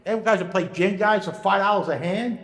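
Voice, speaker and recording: A man telling stories in casual chat, animated, acting out the voices of the people in his stories. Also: high voice, brisk. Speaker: storyteller. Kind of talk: casual storytelling. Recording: echoey room with long reverb.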